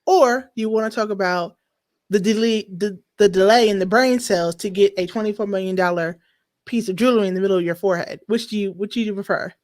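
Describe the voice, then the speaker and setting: A woman hosting a podcast, chatting casually with lively, emphatic slang. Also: medium pitch, quick pace. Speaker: podcast host. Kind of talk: casual chat.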